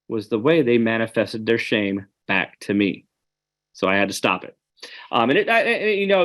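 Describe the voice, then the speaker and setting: A man giving an online webinar presentation, earnest and conversational, speaking straight to his audience. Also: mid-range voice.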